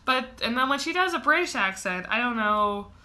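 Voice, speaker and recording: A woman's voice: on the high side, lively intonation, normal speed, bright, forceful tone. A young adult woman from the United States co-hosting a casual chat, talkative and laughing often. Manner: chatty, laughs often, lots of fillers. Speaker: podcast co-host.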